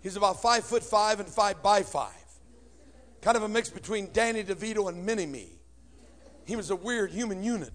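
A man telling his life story with comic timing and sudden shouted outbursts in a church. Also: high-pitched, moderate pace. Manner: animated, punchy delivery with bursts of shouting.

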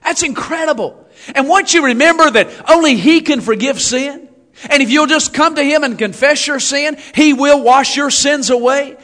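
A man preaching a sermon in a church, folksy and animated, with humorous asides and shouted emphasis. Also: extremely high pitch, normal speed.

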